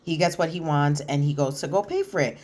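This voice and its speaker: Opinionated woman recapping with lively asides. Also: low voice, fairly quick. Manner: animated, opinionated retelling with slang asides. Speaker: reality TV commentator. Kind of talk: casual recap commentary.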